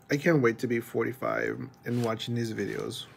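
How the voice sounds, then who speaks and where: A man's voice: mid-range voice, fairly even intonation, a little slow, vocal fry, bright, forceful tone, a little hiss or hum. A young man vlogging at home, chatting casually and rambling about his day and his cat. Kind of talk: casual chat to camera. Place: at home, pet cat nearby.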